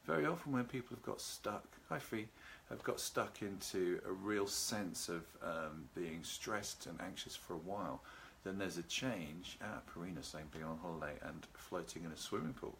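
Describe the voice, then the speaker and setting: A man hosting a live video talk on relaxation, speaking calmly and unhurriedly and greeting viewers by name. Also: low voice, normal speed, vocal fry, few pauses, a little hiss or hum. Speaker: seminar host. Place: at home with a garden behind.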